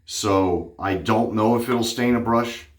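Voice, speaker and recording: A man's voice: lowish voice, slow, reverberant. A man chatting casually through a shaving vlog, rambling with plenty of fillers and a little out of breath. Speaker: wet shaving vlogger.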